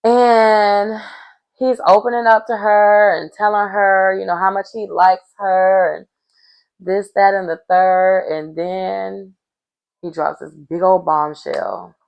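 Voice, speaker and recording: A woman's voice: medium pitch, flat delivery, slow pace, gravelly, darkish tone. A woman recapping a reality show in a casual, chatty way, with sassy asides aimed straight at her viewers.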